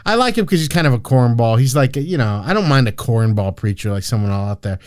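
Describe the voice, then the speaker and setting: A man's voice: medium pitch, expressive, quick pace, darkish tone, no room sound, clean studio sound. A man hosting a casual podcast, joking and cursing as he tells everyday stories. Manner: joking, profane, storytelling with laughs. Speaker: podcast host.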